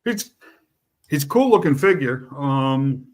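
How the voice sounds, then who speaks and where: A man's voice: medium pitch, expressive, a little slow. Rambling man chatting. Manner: rambling, conversational, many fillers and restarts. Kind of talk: casual chat.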